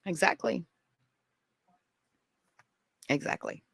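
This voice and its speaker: Podcast guest, woman, bright voice, dry close sound, animated storyteller. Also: drawn-out words, no echo. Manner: animated storytelling, rising to high exclaims. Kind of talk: casual conversation.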